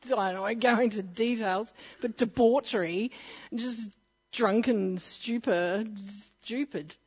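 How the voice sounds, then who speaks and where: A woman's voice: a little high, takes it slowly, pauses often, breathy edge, lo-fi sound. A woman sharing her personal testimony at church, earnest and often laughing as she restarts her sentences.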